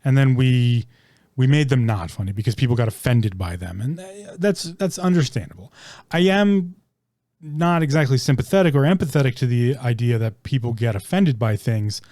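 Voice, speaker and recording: A man's voice: medium pitch, expressive, normal speed, warm tone, no room sound. A man hosting a solo podcast, rambling with many ums and restarts, casually swearing as he searches for words. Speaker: podcast host.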